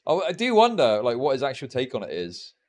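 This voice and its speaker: A man's voice: medium pitch, wildly swooping pitch, brisk, a little mellow. A young man streaming live reaction commentary, profane and mocking with sarcastic asides.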